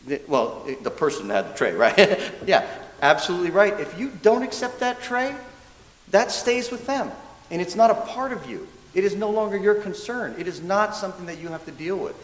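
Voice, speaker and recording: Lively storytelling man in an echoey hall. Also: high-pitched. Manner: lively, self-mocking storyteller who often laughs and acts out quotes. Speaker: minister's assistant giving a dharma talk. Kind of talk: storytelling sermon. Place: church hall. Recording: echoey hall with faint hiss.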